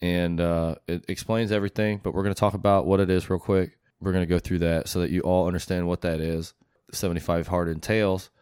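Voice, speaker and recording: A man's voice: sits low, little pitch movement, a little fast, darkish tone, clean tone, dry recording, studio quality. A man hosting a podcast in a loose, rambling, profane way, talking casually with plenty of swearing. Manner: rambling, profane, laid-back. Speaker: podcast host. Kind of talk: casual chat.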